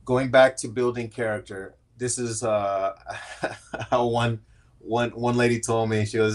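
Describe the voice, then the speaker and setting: Earnest male guest, candid storyteller, mid-pitched voice, acts out quotes. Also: fairly even intonation, moderate pace. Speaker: guest, AI strategist. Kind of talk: conversational interview storytelling.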